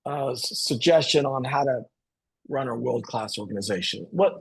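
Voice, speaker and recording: A man's voice: medium pitch, moderate pace, creaky, breathy edge. A man hosting a panel on a video call, asking loose, rambling questions. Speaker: panel host.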